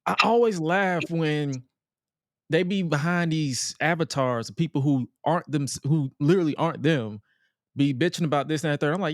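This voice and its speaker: A man with a slightly higher voice than most, talking in a blunt, profane, rambling way. He is co-hosting a casual podcast, and his voice sounds dry and close to the mic. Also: moderate pace, no room sound. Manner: blunt, profane ranting with laughs. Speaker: podcast co-host. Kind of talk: casual chat.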